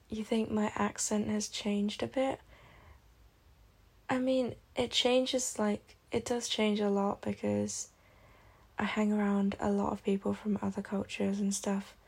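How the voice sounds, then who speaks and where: A British woman chatting casually to her listeners, soft-voiced and often slipping into a whisper, with a giggly, relaxed manner. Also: mid-range voice, unhurried, vocal fry, slightly rough. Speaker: audio creator talking to listeners.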